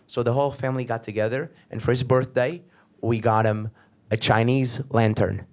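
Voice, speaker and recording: A young man from Portugal, doing a stand-up comedy set on a club stage, telling animated stories with frequent "right?" asides. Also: mid-range voice, moderate pace, background noise.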